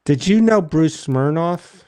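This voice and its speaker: Deadpan man with lively pitch. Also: slow pace, no room sound. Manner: deadpan, exasperated storytelling. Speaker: comedian, show host. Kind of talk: casual chat and anecdotes.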